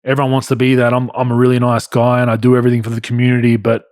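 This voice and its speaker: Casual Australian male podcast host, thirties, mid-pitched, dry close mic. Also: completely flat delivery, rapid-fire, a little mellow, dry recording. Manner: laid-back, blunt, swears casually. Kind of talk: casual podcast chat, reading listener questions.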